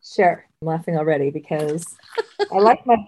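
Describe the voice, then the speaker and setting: Lower-voiced woman podcast co-host. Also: animated, takes it slowly, darkish tone. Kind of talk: casual chat and trivia quizzing.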